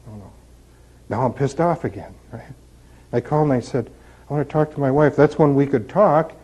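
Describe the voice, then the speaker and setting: A man's voice: mid-range voice, fairly quick, warm tone. A man giving an informal recovery talk, telling candid stories and tossing out rhetorical questions. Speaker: recovery speaker. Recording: dull lo-fi recording.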